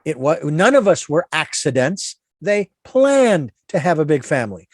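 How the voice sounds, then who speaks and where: A man's voice: fairly high pitch, very animated, moderate pace, no room sound, clean studio sound. A man hosting a radio interview show, talking in an earnest, meandering, moralizing way. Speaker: radio talk show host.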